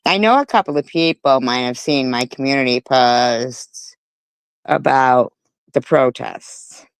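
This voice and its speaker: Slow-talking woman streamer, clear voice. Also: extremely low pitch, no room sound, low-quality recording. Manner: unhurried, opinionated, with fillers like "um" and "you know". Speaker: commentary streamer. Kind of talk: casual commentary chat.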